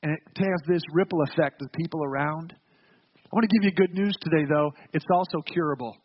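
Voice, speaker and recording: A man's voice: fairly high pitch, a little fast, slightly rough, muffled recording. A man preaching a sermon as pastor, earnest and emphatic, with rhetorical questions and repeated words.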